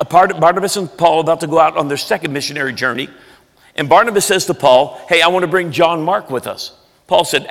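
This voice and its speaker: A man pastor preaching a sermon in a church, earnest and emphatic, sometimes dropping soft. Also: on the high side, gravelly. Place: large church sanctuary. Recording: echoey church hall.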